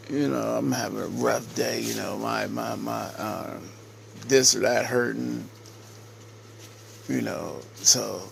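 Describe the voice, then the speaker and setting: Slow, gravelly man ranting. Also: mid-range voice, a little hiss or hum. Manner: slow, repetitive, scolding. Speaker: vlogger. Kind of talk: casual rant to camera.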